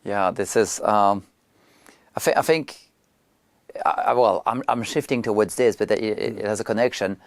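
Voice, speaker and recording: A man hosts the interview in English. He frames his questions haltingly and searches for the right words as he goes. His voice sits rather low, and the recording is dry and close. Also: dry recording. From France. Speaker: interview host.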